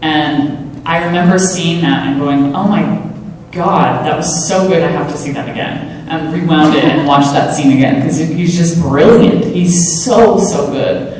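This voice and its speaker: A woman's voice: low-pitched, unhurried, a little mellow. A woman in her thirties, a panel guest, answering convention questions in a chatty, self-deprecating way. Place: large convention hall. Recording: echoey hall, voice from far off.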